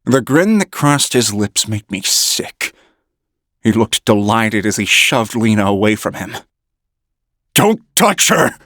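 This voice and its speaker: A man reading an audiobook in measured first-person narration. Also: on the low side, fairly bright tone, dry recording, studio quality.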